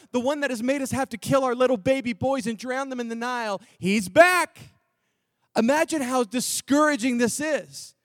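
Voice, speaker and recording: A man preaching a sermon in a church, acting out Bible characters with lively swings from loud to hushed. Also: very high voice, no room sound, clean studio sound. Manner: animated, acts out Bible characters, drops to near whisper. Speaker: pastor. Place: church auditorium.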